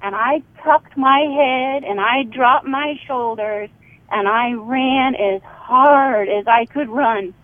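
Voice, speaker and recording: A woman's voice: a little high, slow pace, no echo. A middle-aged woman, an author and radio guest, telling a family story and acting out the voices in it. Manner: vivid storyteller, acts out quoted dialogue. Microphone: telephone. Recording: tinny phone line.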